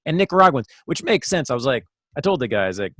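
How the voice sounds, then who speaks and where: A man's voice: medium pitch, big pitch swings, fast, a bit bright, no echo, clean studio sound. A man hosting a podcast, asking curious questions and thinking aloud in casual conversation. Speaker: podcast host.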